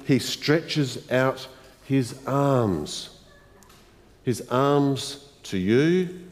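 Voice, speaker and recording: A man preaching a sermon as the pastor of a church congregation, in a slow, reflective way, often asking the listeners questions. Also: medium pitch, darkish tone. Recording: long reverb of a church hall.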